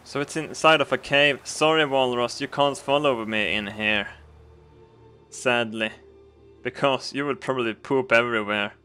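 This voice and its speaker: A man giving crude, comedic game commentary, laughing and breaking into excited outbursts. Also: mid-range voice, normal speed, faint music behind. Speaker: gaming commentator.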